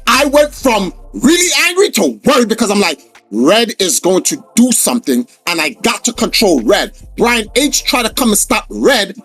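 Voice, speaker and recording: A man telling a story in a casual podcast chat, animated and swearing, acting out the voices of the people in it. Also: high voice, normal speed, faint music behind.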